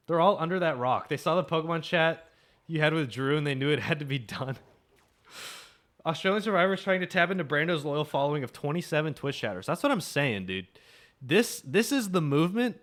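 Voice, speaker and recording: Young male streamer, slightly high voice, casual joking chat, swears a lot, desk mic. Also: expressive, moderate pace, pauses often, a bit bright.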